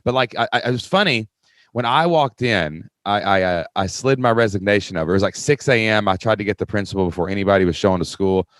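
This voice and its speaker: A man with a lowish voice hosting a podcast, recorded dry and close with no room sound. He is enthusiastic, laughs easily, and keeps saying "man" and "dude" as he reacts to his guest. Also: fast, a bit bright, dry recording. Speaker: podcast host, former school teacher. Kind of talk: podcast interview, casual chat.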